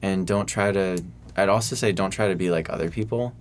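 Soft-spoken young man with a deep voice. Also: fairly quick, slight background noise. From Michigan, USA. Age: young adult. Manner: soft-spoken, hesitant, heavy on fillers. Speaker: student songwriter interviewee. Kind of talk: casual interview answers.

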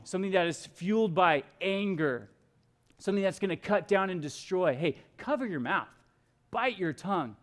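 High-voiced man preaching a sermon. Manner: preaching with emphatic repeated exhortations, reading scripture aloud. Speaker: pastor.

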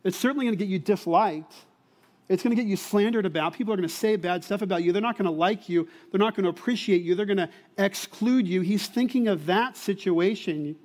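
A man's voice: high voice, brisk, darkish tone. A man and Bible teacher giving a sermon to college students in a conversational way, often repeating words and asking the listeners whether they see it.

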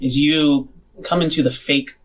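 A man running a tabletop role-playing game as game master, narrating scenes in a relaxed, descriptive way with frequent filler words. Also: on the high side, unhurried, poor audio.

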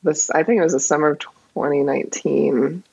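Low husky woman, laughing storyteller. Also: fairly quick, no echo, muffled recording. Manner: laughs often, animated storytelling. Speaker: guest. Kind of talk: casual interview chat.

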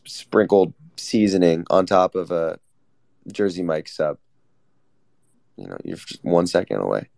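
Deadpan gravelly man in casual chat. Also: sits low, dry recording, clean studio sound. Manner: deadpan sarcastic, mock-earnest teasing. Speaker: host.

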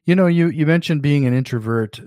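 A man's voice: fairly high pitch, a little fast, dark tone, dry recording, clean studio sound. A man hosting a podcast interview, conversational, often restarting and repeating words. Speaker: podcast host. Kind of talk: casual interview chat.

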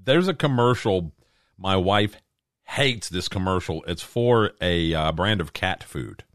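A man's voice: low-pitched, lively intonation, a little slow, a bit bright, no room sound. A man co-hosting a podcast who cracks dry jokes and reads news items aloud in casual chat. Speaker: podcast co-host. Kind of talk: casual opinion talk.

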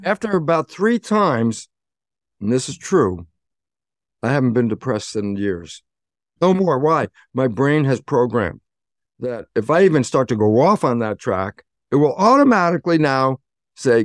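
Animated male storyteller, dry close sound. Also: medium pitch, normal speed, dry recording. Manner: animated, acts out inner voices. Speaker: guest, cellular biologist. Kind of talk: conversational storytelling.

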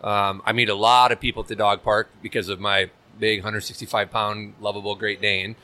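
A man's voice: lowish voice, flat delivery, a little fast, pushed and bright. A man guesting on a talk show, describing himself with dry, self-deprecating humor in a public market. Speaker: business founder, guest. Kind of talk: casual interview chat.

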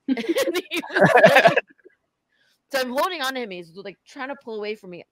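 A woman telling a story in casual chat on a podcast, animated, swearing freely and laughing as she talks. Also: high-pitched, moderate pace, no room sound, poor audio. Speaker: guest.

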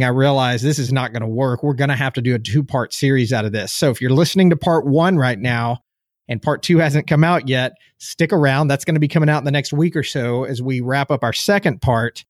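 A man's voice: mid-range voice, no echo. An enthusiastic man hosts a casual podcast interview, his voice sitting in the middle range for a man. He talks in an upbeat, fired-up way, recorded dry and close with no room sound. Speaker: podcast host.

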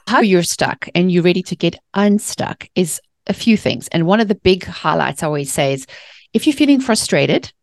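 A woman who is a guest author discusses faith and the mind with great passion, ranting now and then and performing the voices of quoted people during an animated faith-based interview. Her fairly low, creaky voice has lively intonation at a moderate pace, in a studio recording with no echo.

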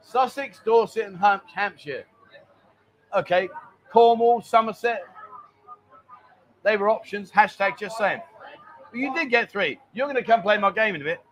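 A man's voice: high voice, moderate pace, long pauses, fairly bright tone. A man hosting a casual live stream, chatting and reading out viewer greetings. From England.

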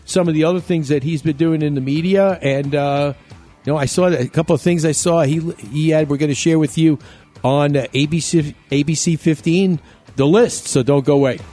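A man's voice: on the high side, fairly quick, mellow, faint music behind. A man hosting a talk show, upbeat and enthusiastic as he reacts and introduces a break. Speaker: host.

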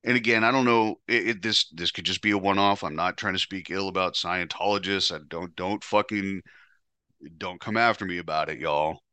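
A man's voice: deep voice, steady tone, normal speed, bright, forceful tone, smooth, dry recording. A man hosting a podcast, telling a candid personal story in a blunt, profane, confessional way. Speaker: podcast host.

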